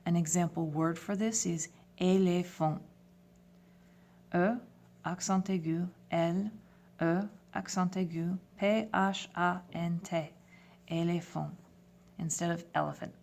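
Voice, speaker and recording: A woman teaching a lesson, speaking clearly and patiently and spelling words out letter by letter. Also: fairly low pitch, fairly even intonation, takes it slowly, darkish tone. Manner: switches between French and English phrases. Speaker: French teacher. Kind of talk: classroom lesson video.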